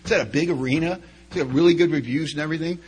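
Middle-aged man, slightly raised pitch, easygoing storyteller at a meeting, conversational with asides. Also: racing, darkish tone, husky, rough recording. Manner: conversational, chatty with many asides. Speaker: speaker sharing at a recovery meeting. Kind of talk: storytelling talk.

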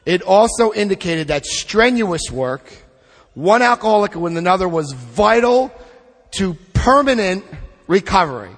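A middle-aged man leading a recovery group through a book study, speaking with emphatic, drawn-out stresses and asking the room questions. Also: high voice, long reverb tail. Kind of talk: impassioned recovery talk to a group.

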